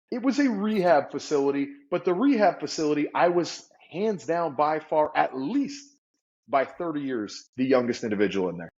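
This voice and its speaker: A man telling a story as an interview guest, animated and vivid, acting out the people he quotes. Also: fairly high pitch, moderate pace. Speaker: guest entrepreneur. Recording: slightly dull lo-fi audio.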